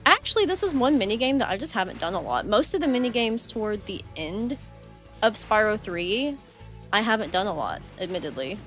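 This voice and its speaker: A young woman streaming live gameplay, chatting along and breaking into loud frustrated outbursts at the game. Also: mid-range voice, big pitch swings, brisk, soft background music.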